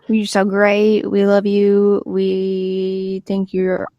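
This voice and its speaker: A woman's voice: mid-range voice, level tone, slow, few pauses, no room sound. A woman co-hosting a podcast, speaking in an effusive, bubbly way. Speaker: podcast co-host. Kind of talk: casual chat.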